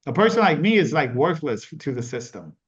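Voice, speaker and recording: A man's voice: fairly high pitch, very animated, brisk. A man speaking as a business mentor guest in a casual interview, emphatic and repetitive, often tossing in "man". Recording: echoey, dull lo-fi sound.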